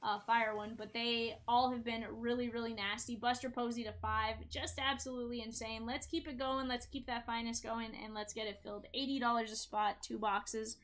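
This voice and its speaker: A woman hosting a live card-break stream, hyping each card she pulls and shouting out viewers in the chat. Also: a little high, steady tone, normal speed, few pauses. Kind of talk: live-stream sales patter.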